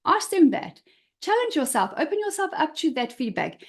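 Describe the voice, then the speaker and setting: Middle-aged woman, high voice, energetic motivational coach who leans hard on key words. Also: normal speed. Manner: expressive, emphatic, repeats key words. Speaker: confidence coach. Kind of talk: motivational talk to listeners.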